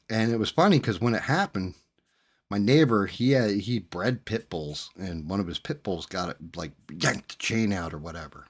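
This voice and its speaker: A man hosting a stream, telling a profane, animated personal story in a casual chat. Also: fairly low pitch, moderate pace. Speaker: streamer host.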